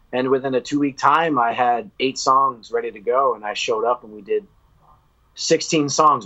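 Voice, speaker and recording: A man's voice: medium pitch, bright, forceful tone. A man from the United States, a guest on a podcast, telling a long story candidly, swearing freely and acting out quoted lines. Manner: acts out quoted speech. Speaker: podcast guest, metal vocalist. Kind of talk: casual storytelling interview. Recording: dull lo-fi audio.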